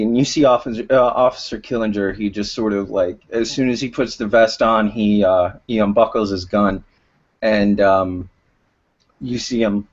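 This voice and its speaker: A man's voice: lowish voice, darkish tone. A man narrating as game master of a tabletop role-playing game, hesitant and full of fillers. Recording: dull lo-fi recording.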